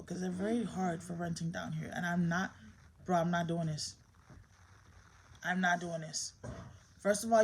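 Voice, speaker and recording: A woman's voice: on the low side, a little mellow, rough recording. A woman in her thirties talks straight to the camera in a candid home vlog. Her delivery is stern and emphatic, and she sounds emotionally strained. A faint hum of household ambience sits behind her voice. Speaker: mother and vlogger.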